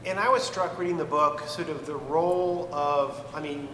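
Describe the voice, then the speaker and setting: A male moderator asking an author questions on stage, in a measured, slightly hesitant way. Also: fairly high pitch, fairly bright tone, slight background noise. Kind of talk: live festival interview. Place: large hall at a book festival. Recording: echoey hall with faint ambience.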